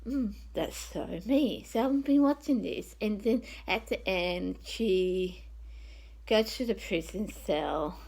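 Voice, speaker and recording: A woman's voice: medium pitch, takes it slowly, creaky, darkish tone, poor audio. A woman, a psychic, telling a rambling personal story in a casual, conversational way that often trails off.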